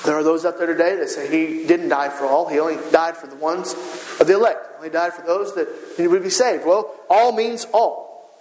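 A man's voice: on the high side, normal speed, darkish tone. A man preaching a sermon, building fervent, repetitive rhetorical runs of short phrases. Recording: echoey hall.

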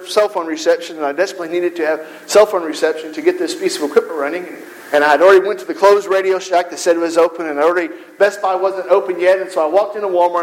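A man delivers a sermon in a notably high-pitched voice. He tells stories with animation and slips into the voices of the people he quotes. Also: rough recording. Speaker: preacher.

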